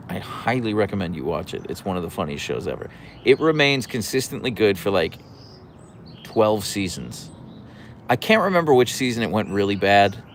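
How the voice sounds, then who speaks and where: A young man with a low, gravelly voice chats casually on his livestream, reading viewers' messages aloud with dry sarcasm. His pitch swings widely from line to line, and a faint noise sits behind him. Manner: dry sarcastic banter, reads chat names aloud; often trails off into low gravelly murmurs. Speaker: livestream host reading chat.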